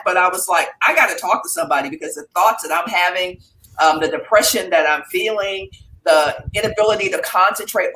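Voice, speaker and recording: A woman's voice: deep voice, a bit bright. A woman who is a former college athlete, speaking earnestly and emphatically on a casual panel. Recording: roomy echo.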